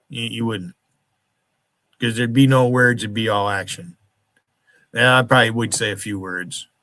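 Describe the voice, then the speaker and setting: A man's voice: mid-range voice, bright, forceful tone, dry recording. A man hosting a livestream, ranting angrily and profanely and calling out viewers by name. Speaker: livestream host. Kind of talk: angry livestream rant.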